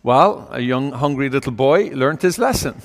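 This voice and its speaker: A man's voice: mid-range voice, lively intonation, normal speed, big-room sound. An older man preaching a storytelling homily in a folksy way, with fillers and asides.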